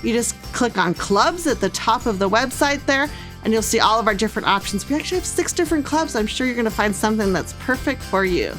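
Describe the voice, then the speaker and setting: A woman's voice: a little high, expressive, fairly quick, fairly bright tone, soft background music. A middle-aged woman demonstrating craft stamps with a bubbly, gushing manner. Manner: bubbly and gushing, lots of "little" and "cute". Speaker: craft product presenter. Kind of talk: product demonstration.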